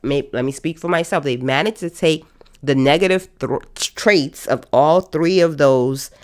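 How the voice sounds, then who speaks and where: Low slow-talking woman podcaster, annoyed ranty vibe, repeats herself for emphasis. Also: darkish tone. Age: adult. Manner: exasperated, ranting, emphatic repetitions. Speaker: podcast host. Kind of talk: casual review podcast.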